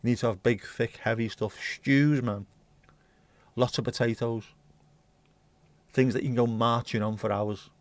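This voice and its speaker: A man's voice: medium pitch, flat delivery, normal speed, no room sound. A man hosting a livestream, chatting bluntly and rambling through viewer comments with the odd swear. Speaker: livestream host. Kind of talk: casual chat reading viewer comments.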